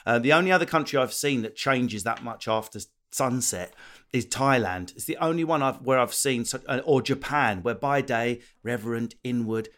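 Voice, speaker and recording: A man from England with an Essex accent, a comedian and podcast host chatting casually, swearing freely and acting out voices. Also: mid-range voice. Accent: Essex English. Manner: animated, swears freely, acts out voices mid-story. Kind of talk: casual chat.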